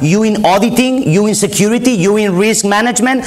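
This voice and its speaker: A man's voice: high-pitched, very animated, fast talker, hardly any pauses. A man from Spain with a Spanish accent, giving an emphatic conference keynote and rallying the audience with repetition. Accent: Spanish, from Barcelona. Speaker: conference speaker. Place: conference hall.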